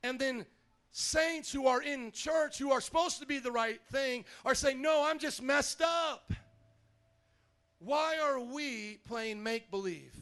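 A man preaching a sermon as pastor in a church, animated and calling out to the congregation for responses. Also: extremely high pitch, measured pace.

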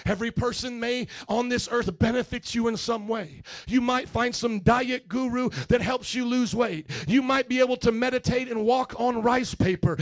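A male preacher delivering a fervent sermon, calling on the congregation to repeat after him and swinging between shouts and hushed lines. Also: extremely high pitch.

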